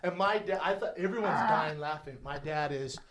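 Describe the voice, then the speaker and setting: A man's voice: fairly high pitch, moderate pace, a crowd in the background. A man co-hosting a podcast, telling a childhood story with acted-out voices. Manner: energetic storyteller acting out voices. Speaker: podcast co-host.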